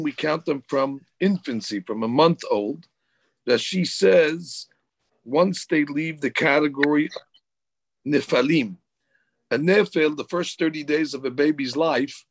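A man's voice: on the high side, creaky, dry recording, rough recording. A man, a rabbi, teaching a Torah class, reading Hebrew verses and explaining them in English.

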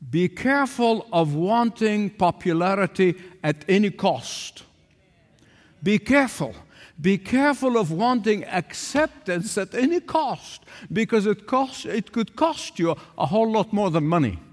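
Emphatic older male preacher, lively pitch. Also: unhurried. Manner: emphatic, repeats phrases for stress. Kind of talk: sermon. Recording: long hall reverb.

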